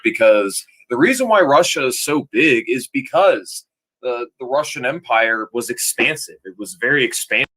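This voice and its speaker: A man's voice: medium pitch, expressive, normal speed, a bit bright. A man giving casual reaction commentary to a video, rambling and sometimes losing his train of thought.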